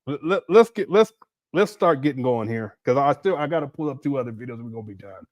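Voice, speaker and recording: Reading out viewer messages on his livestream, this male host talks quickly and casually, laughing often. He's expressive, his tone a little mellow, and his pitch leaps between low mutters and high exclamations. It's a dry, close recording.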